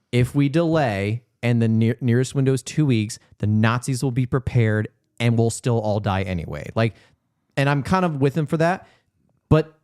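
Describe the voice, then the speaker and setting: A man's voice: mid-range voice, darkish tone, clear, resonant tone. A man co-hosting a casual film-review podcast, arguing his point at length with hedges and asides. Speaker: podcast co-host.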